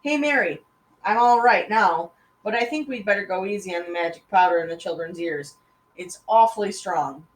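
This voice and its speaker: A woman voicing a frazzled husband with painfully sharp hearing, shouting in alarm. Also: medium pitch, moderate pace, recorded from a distance, slight background noise, natural voice. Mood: grumbling. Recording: roomy echoey room.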